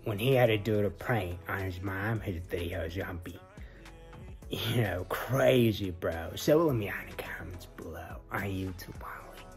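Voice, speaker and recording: A man's voice: deep voice, moderate pace, faint music behind. A man casually retelling a video for his channel, rambling with lots of fillers and often half-whispering. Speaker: reaction vlogger.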